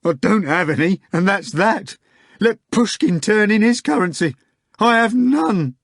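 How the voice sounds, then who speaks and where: A man's voice: high voice, lively intonation, measured pace, vocal fry, no echo, clean studio sound, voice pushed up, full character voice. A man doing a frantic, desperate man crying out. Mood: bitter. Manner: crying out, bitter. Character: desperate middle-aged male building manager, frantic.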